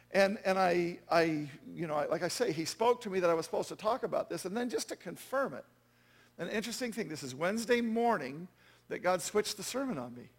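Guy pastor preaching, chatty and joking at himself, lots of "right?" asides, kinda raspy. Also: high voice. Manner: conversational, self-deprecating, with asides like "right?". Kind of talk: sermon.

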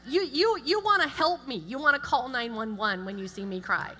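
A middle-aged woman giving a chatty, self-deprecating church talk with animated asides. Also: high voice, normal speed. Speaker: guest speaker. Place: church sanctuary. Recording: long hall reverb with music.

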